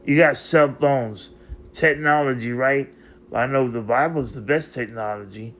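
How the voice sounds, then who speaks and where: A man's voice: medium pitch, measured pace, a bit bright, a little hiss or hum. A man in an unscripted vlog monologue, rambling and emotional as he confronts someone who is not there, circling back to the same phrases again and again.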